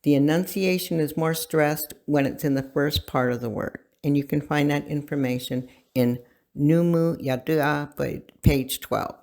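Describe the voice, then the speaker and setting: A language teacher giving a recorded lesson, speaking deliberately and pausing so learners can repeat words. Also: medium pitch, gravelly, darkish tone.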